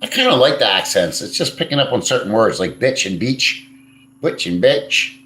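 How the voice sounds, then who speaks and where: A man's voice: lowish voice, very animated, fairly quick, sharp tone. A man hosting a casual live stream, answering viewer comments in a blunt, crude and rambling way, swearing freely. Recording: echoey room.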